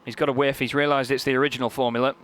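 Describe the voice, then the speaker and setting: A young man commentating on a sim race, lively and joking, growing excited at close moments. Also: medium pitch, rapid-fire, smooth. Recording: commentary over loud race car noise.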